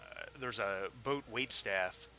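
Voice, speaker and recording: Male game master, bright tone, halting delivery with fillers. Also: fairly low pitch, vocal fry, faint music behind. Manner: hesitant, many fillers. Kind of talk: narrating a tabletop game.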